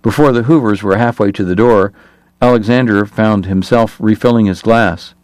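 A male audiobook narrator reads a historical novel in steady, scripted narration at a moderate pace. His voice sits low, and the recording is dry and close with no room sound.

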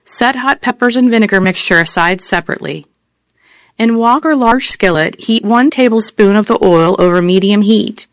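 A woman reading out recipes in a measured, list-like delivery, naming ingredients and steps one after another. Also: medium pitch, dry recording. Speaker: recipe reader. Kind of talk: slow scripted recipe reading.

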